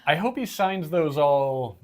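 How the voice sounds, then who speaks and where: A co-host on a casual live show, tossing off sarcastic jokes and playful rants. The talk is loose, quick banter. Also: mid-range voice, lively intonation, a little mellow. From Texas. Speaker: podcast co-host. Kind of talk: casual live-stream chat.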